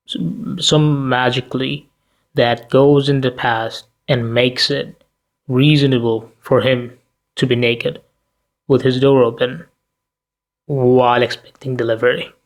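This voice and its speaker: A man's voice: mid-range voice, steady tone, a little slow, pauses often. A tired, sleepy man giving blunt, profane commentary and firing off rhetorical questions in a ranting vlog. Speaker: commentary vlogger.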